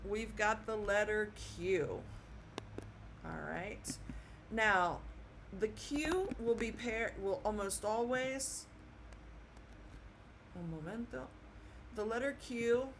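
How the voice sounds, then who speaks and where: A woman giving an online language lesson, slowly spelling out letters and repeating each sound patiently. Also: mid-range voice, noisy background. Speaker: Spanish teacher.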